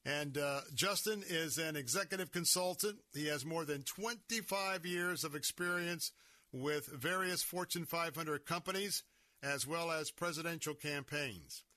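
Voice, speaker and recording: A man's voice: fairly high pitch, a little slow, sharp tone, no room sound. A man hosting a conservative talk radio show from a studio, speaking emphatically and sounding worked up. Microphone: studio microphone.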